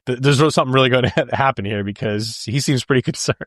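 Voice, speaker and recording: A man's voice: mid-range voice, very fast, dry recording, studio quality. A man co-hosting a podcast, talking casually about a film, laughing often and jumping into quoted lines. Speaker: podcast co-host.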